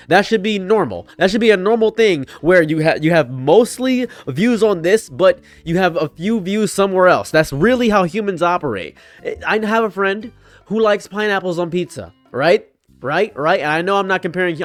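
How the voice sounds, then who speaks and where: A man giving an unscripted commentary rant, heated and repetitive, swinging between loud outbursts and quiet mutters. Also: mid-range voice, no echo. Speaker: online commentator.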